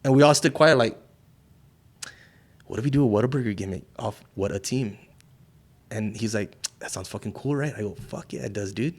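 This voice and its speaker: A man's voice: lowish voice, fairly quick, pauses often. A middle-aged man from South Texas, a wrestler guesting on an interview show, telling stories in casual, profane talk and acting out the voices of the people in them. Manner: profane, animated, acts out quoted voices.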